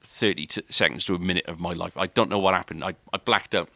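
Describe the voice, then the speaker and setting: A man's voice: sits low, quick pace, creaky, bright, forceful tone, no room sound, studio quality. A man, a podcast co-host, telling a long story in casual chat, rambling with restarts and filler words.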